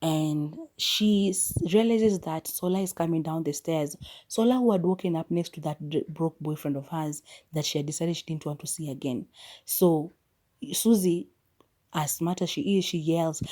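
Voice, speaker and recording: A woman podcast host gives a casual recap of a movie's plot, chatting loosely with quick side comments and self-corrections. Her low voice sounds mellow and relaxed rather than bright.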